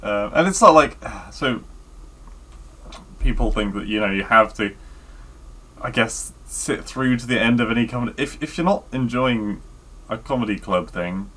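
A man co-hosting a podcast, telling stories in a rambling, animated way. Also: medium pitch, moderate pace, long pauses. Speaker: podcast co-host. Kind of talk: casual chat.

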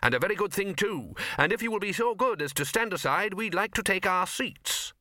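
A man's voice: sits high, animated, a little fast, bright, forceful tone, no echo, clean studio sound, pitched above the performer's own voice. A man voicing a haughty, prickly old male wizard in an audiobook. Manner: haughty, huffy.

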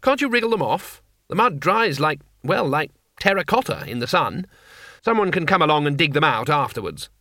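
A man voicing a cheerful, eager male tourist who talks in a bright, friendly way, in an audiobook reading. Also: fairly high pitch, sing-song, normal speed, no room sound, clean studio sound, exaggerated voice.

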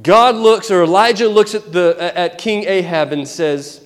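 A man preaching a sermon, retelling a Bible story in an animated, conversational way with asides. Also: high-pitched, measured pace, few pauses, long reverb tail.

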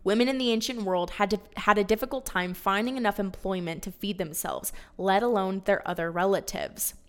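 Bubbly woman with a bright voice. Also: medium pitch, fairly even intonation, fairly quick. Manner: bubbly, chatty, prone to laughing asides. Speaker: Bible teacher. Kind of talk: casual Bible story lesson.

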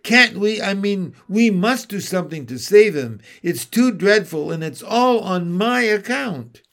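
A man's voice: fairly high pitch, big pitch swings, a little slow. An anxious young girl, as a man reads her. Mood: pleading.

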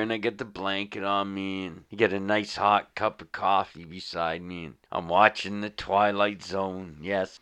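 A man co-hosting a podcast, ranting in a loose, profane storytelling style. His voice is very bright and forceful, and it stays smooth and clear even when he gets worked up. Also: on the low side. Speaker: podcast co-host. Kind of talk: casual ranting chat.

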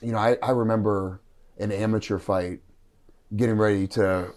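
A man's voice: fairly low pitch, fairly even intonation, normal speed, darkish tone. A man co-hosting a martial arts podcast, telling stories in a loose, rambling way full of fillers. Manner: rambling, filler-heavy storytelling. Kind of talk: casual storytelling chat.

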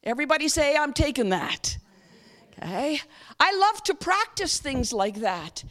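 A woman preaching as a guest speaker uses a high voice with big pitch swings and lots of life. Frequent questions draw answers from her audience before she shifts into a slow, soft guided reflection.

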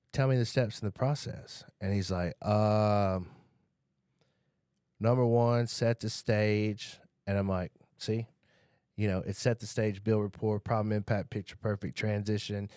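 Low-voiced man in casual chat. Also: dry recording, clean studio sound. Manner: relaxed storytelling, acts out quotes, swears casually. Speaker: podcast guest, sales coach.

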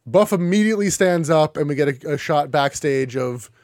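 A man with a fairly high voice, recapping wrestling matches as a podcast co-host. He narrates play by play with a dry, sardonic tone. The sound is close and dry, with no room in it. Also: lively intonation, moderate pace, a little mellow, no echo. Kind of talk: casual wrestling recap chat.

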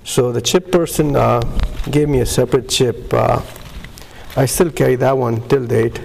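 A man shares his personal testimony at a recovery meeting. His voice is gravelly, and he stops often to search for words. His speech is full of fillers and pauses. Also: medium pitch, steady tone, a little mellow, a little hiss or hum. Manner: halting, many fillers and pauses.

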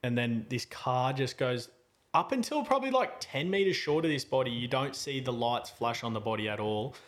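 A man's voice: medium pitch, lively intonation, normal speed, a bit bright. A man, a podcast host telling a travel story in casual, rambling chat full of slang and fillers.

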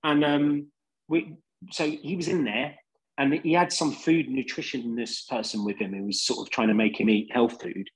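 A man's voice: mid-range voice, steady tone, normal speed, breathy edge, low-quality recording. A man with a London accent, a band singer on a podcast, rambling through laid-back anecdotes with lots of fillers. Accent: London English. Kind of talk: casual storytelling.

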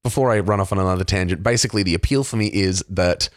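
A man's voice: sits low, fast, no echo, studio quality. A man chatting casually, telling a story loosely with lots of swearing and fillers. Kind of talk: casual chat.

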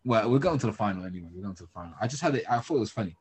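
A man's voice: on the low side, lively intonation, racing, darkish tone, husky. A young man from Birmingham, co-hosting a casual football chat podcast in a laid-back, jokey, slangy way. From Birmingham, England. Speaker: podcast co-host.

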